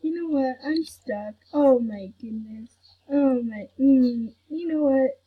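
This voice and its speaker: A woman's voice: high-pitched, takes it slowly, breathy edge, narrow, tinny audio. A woman hosting a gaming channel, chatting casually over gameplay and grumbling that she is not mad. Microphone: computer recording mic.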